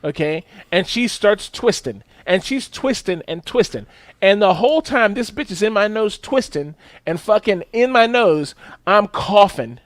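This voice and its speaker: Podcast co-host, male, high voice, dry close mic, animated profane storyteller. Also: a little slow, no room sound. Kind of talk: casual podcast chat, storytelling.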